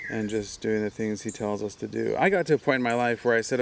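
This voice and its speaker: A man's voice: fairly low pitch, fast, gravelly, hardly any pauses. A man from Hawaii, a pastor and speaker, telling stories in a casual interview, chatty and laughing often. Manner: chatty, with frequent laughs and "you know" fillers.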